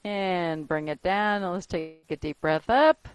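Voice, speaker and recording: A woman's voice: fairly low pitch, takes it slowly, no echo. Chatty woman leading a stretch class. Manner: chatty, encouraging, laughs often. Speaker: fitness instructor. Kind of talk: gentle exercise class instruction mixed with casual chat. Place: dining room used for a group exercise class. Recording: clear music playing behind.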